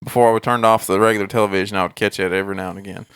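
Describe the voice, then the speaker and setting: Laid-back low-voiced man. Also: fairly even intonation, a bit bright, smooth, no room sound, clean studio sound. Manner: laid-back, quick reactions and laughs. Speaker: podcast co-host. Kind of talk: casual chat.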